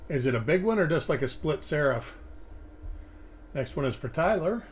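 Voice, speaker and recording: A man's voice: on the high side, animated, normal speed, slight background noise. A man hosting a live coin-hunting stream, chatting casually and rambling as he thinks aloud at his desk. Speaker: coin hunting livestream host.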